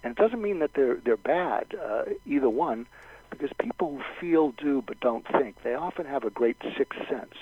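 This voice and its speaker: A man's voice: lively intonation, moderate pace, husky, no echo. A man giving advice as a guest on a radio talk show, explaining step by step and acting out sample lines of dialogue. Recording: dull low-fidelity radio sound.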